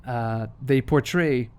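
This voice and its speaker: A man's voice: mid-range voice, clean tone. Rambling, jokey male game host. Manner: rambling, jokey, self-correcting asides. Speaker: let's play host. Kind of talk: casual gameplay commentary.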